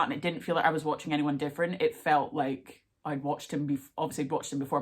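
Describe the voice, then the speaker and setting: A young woman talking through a casual reaction vlog in a chatty, excitable way, full of fillers and asides. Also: deep voice. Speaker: vlogger.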